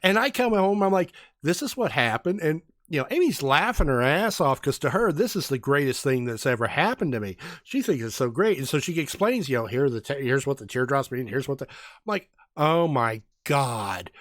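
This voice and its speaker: A man's voice: mid-range voice, a little fast, no echo, clean studio sound. A man co-hosting a casual chat, telling funny stories and acting out the people in them. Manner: animated storyteller, acts out voices. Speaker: podcast co-host.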